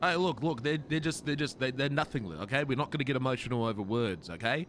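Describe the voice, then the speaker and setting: A man's voice: mid-range voice, quick pace, fairly bright tone, a little hiss or hum. A man speaking in character in a gang roleplay, exasperated and defensive, swearing and stammering when worked up.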